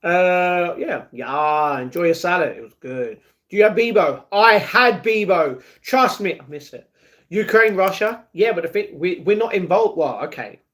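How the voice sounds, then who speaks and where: A man's voice: high-pitched, lively intonation, normal speed, a bit bright. A young British man chatting casually on a live stream, answering viewers by name and laughing often. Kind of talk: casual live-stream chat, reading chat messages.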